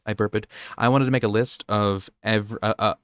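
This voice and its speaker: A man's voice: on the low side, fairly even intonation, moderate pace, clean tone, no echo, clean studio sound. A young man co-hosting a podcast, rambling through nerdy topics in casual chat and often restarting his sentences. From United States. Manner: rambling, nerdy, self-interrupting. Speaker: podcast co-host.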